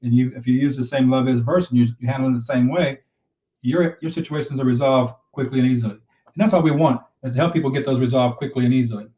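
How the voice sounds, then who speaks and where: A man's voice: medium pitch, steady tone, fast talker, mellow, reverberant, far from the mic, rough recording. A man co-hosting a relationship talk show, giving earnest advice on a live stream and repeating points to drive them home. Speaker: relationship coach and co-host.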